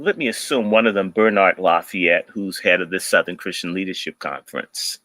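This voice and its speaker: A man in casual talk, telling stories in an animated way and slipping into mocking voices. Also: low voice, normal speed, few pauses, no room sound.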